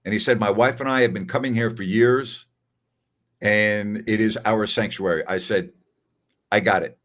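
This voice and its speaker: An older man with a lowish, steady, fairly bright voice hosts a sports talk show at a moderate pace. It's a casual live-stream chat in which he tells stories and repeats phrases for emphasis.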